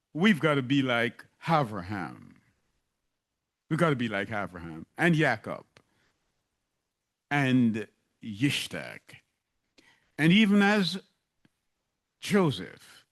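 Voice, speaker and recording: Male preacher, slightly high voice, slow emphatic delivery, scripture reading and rhetorical questions. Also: a bit bright. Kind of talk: sermon.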